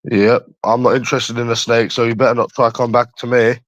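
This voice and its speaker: A man's voice: medium pitch, level tone, brisk, no echo, muffled recording. A young man from London chatting on a livestream, crude, taunting and repeating himself as he answers viewers. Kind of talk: casual chat answering viewers.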